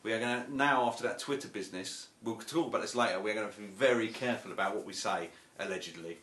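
A man's voice: fairly low pitch, fast talker, a bit bright, echoey room. A man on a podcast, teasing friends and addressing listeners. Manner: teasing, mock-announcing to listeners. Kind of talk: casual banter.

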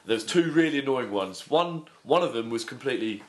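A man's voice: mid-range voice, animated, fairly quick. A man ranting bluntly and swearing through a casual podcast chat. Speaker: podcast co-host. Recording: roomy echo.

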